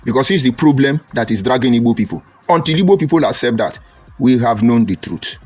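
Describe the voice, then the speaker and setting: A man's voice: mid-range voice, animated, brisk, breathy edge, faint music behind. A man with a Nigerian accent giving a combative, mocking political monologue on a live stream and greeting viewers by name. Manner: combative, mocking, rising to loud outbursts.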